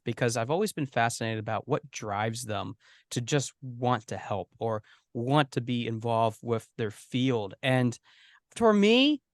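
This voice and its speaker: A young man hosting an interview podcast, earnest and long-winded as he builds up his questions. His voice is smooth and resonant, recorded close and dry with no room sound. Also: mid-range voice, dry recording. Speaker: podcast host.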